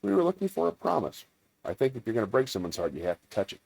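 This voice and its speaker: A man's voice: mid-range voice, quick pace, creaky. A man hosting a casual live-stream chat, talking in a playful, chatty way. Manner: chatty, playful, lively delivery. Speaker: comedian host of a live stream.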